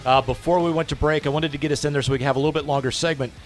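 A man's voice: a little high, steady tone, very fast, soft background music. A man hosting a local radio talk show, upbeat and reading out listener texts. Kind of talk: casual radio chat. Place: radio studio.

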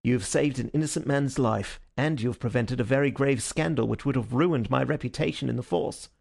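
A man reading a story aloud, voicing an indignant police inspector in a raised, higher voice. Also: fairly quick, gravelly, darkish tone. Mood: grateful. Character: angry blustering police inspector, middle-aged man.

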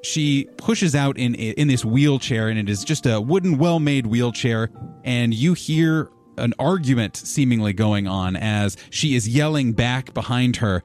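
As faint music plays behind him, a tabletop game master in a mid-range voice describes scenes at a measured pace. His narration is relaxed and rambling, with fillers.

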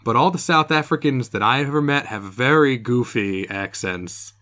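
A man's voice: medium pitch, moderate pace, few pauses, pushed and bright. A man co-hosting a podcast, recapping an old TV episode in casual, jokey chat, laughing often. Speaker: podcast co-host.

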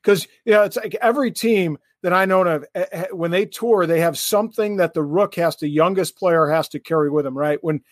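A man's voice: high-pitched, a little fast, few pauses, no room sound. Enthusiastic middle-aged male host, dry. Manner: enthusiastic, repeats words. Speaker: podcast host. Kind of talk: casual chat.

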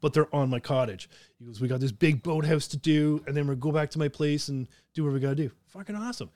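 A man's voice: a little high, fast talker, no echo, clean studio sound. A man from southern Ontario, hosting a podcast and telling profane stories with lots of laughter. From southern Ontario, Canada. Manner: profane, laughing, animated storyteller. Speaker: podcast host. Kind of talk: casual storytelling.

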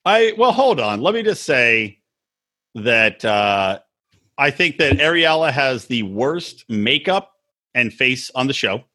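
A man's voice: mid-range voice, big pitch swings, slow, bright, forceful tone. A man co-hosting a casual podcast, crude and mocking, who acts out the people he quotes in silly voices. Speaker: podcast co-host. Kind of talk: casual chat.

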